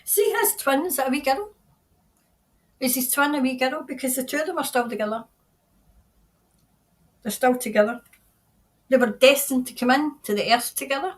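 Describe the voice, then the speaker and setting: Earnest tarot reader, woman, middle-aged, higher voice, halting delivery, repeats herself. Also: poor audio. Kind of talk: spontaneous psychic reading.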